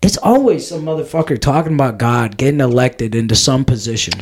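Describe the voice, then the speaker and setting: A man's voice: medium pitch, expressive, brisk, a little mellow. A man co-hosting a podcast in casual chat, rambling and profane, full of "like" and "dude". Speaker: podcast co-host.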